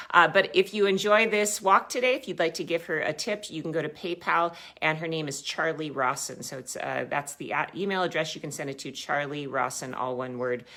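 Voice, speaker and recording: A woman hosts a live online show with a low-pitched but bright, forceful voice. She sounds enthusiastic and keeps asking her guest questions. The sound comes through a video call. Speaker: host. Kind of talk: live-stream hosting.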